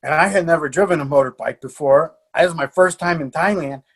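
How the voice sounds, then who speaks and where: This middle-aged American coaches jiu-jitsu and, as a guest on a podcast, spins lively stories at a brisk clip. His husky voice sits fairly high, and he swears, laughs often, and restarts frequently.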